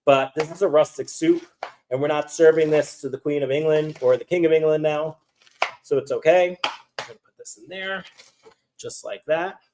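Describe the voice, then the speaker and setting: An upbeat, animated man hosts a live cooking class, his fairly high voice at a moderate pace against background noise. He chats and reads viewer comments while cooking, his eyes teary from cutting onions.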